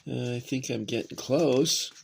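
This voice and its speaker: A man's voice: medium pitch, a little slow, gravelly, slight background noise. A man casually reviewing a toy gun model for his viewers, rambling with frequent fillers and chatty asides to "guys". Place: cramped home workspace.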